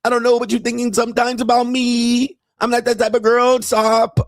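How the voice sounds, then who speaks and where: A man putting on a high, wheedling young Thai bar girl in a mock Thai accent, speaking broken English and tacking "sir" onto every line. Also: monotone, normal speed, no room sound, studio quality. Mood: protesting innocence. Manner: sing-song, wheedling, keeps adding "sir" and "Po". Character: pleading young Thai bar girl woman, sweet-talking.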